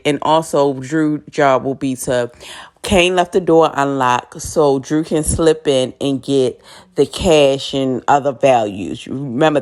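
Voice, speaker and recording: A woman giving a casual, slangy recap of a TV drama episode and reacting loudly to the scenes. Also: low voice, dry recording. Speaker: TV recap commentator.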